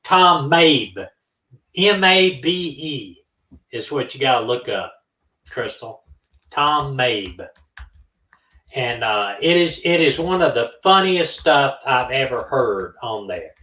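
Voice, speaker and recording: A man's voice: medium pitch, takes it slowly, far from the mic. A man telling a casual story, acting out both sides of a phone call. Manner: animated, acts out both sides of phone calls. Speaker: co-host of a true-crime live stream. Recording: roomy, from off the mic.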